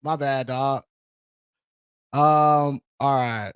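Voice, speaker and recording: A man's voice: medium pitch, steady tone, extremely slow, clear, resonant tone, no room sound, studio quality. A man hosting a casual livestream, talking in a slangy, hyped-up way and calling viewers bro. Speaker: credit repair livestream host.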